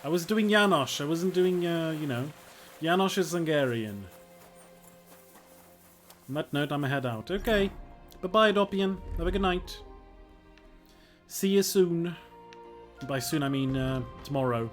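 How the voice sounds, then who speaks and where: A man's voice: fairly high pitch, lively intonation, a little slow, long pauses, faint music behind. A man streaming a video game, joking and laughing as he talks to himself. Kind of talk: casual game commentary.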